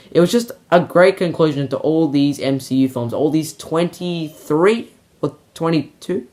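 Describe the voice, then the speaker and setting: A man's voice: mid-range voice, a little mellow. A man giving a casual spoken movie review, rambling with many fillers and restarts and sounding emotional.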